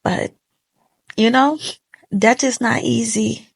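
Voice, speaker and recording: A woman's voice: on the high side, fairly even intonation, slow, gravelly, slightly rough. A young woman telling a sad personal story to camera in casual, colloquial speech, tearful and heartfelt as she holds back tears. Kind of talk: emotional storytime monologue. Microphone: phone camera facing the speaker.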